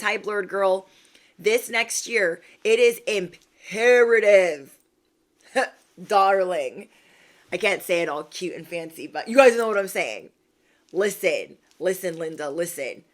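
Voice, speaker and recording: A young woman hosting a spiritual livestream, talking to her viewers in a sassy, slangy way and laughing often. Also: fairly low pitch. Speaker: spiritual reader and livestream host. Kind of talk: casual livestream pep talk.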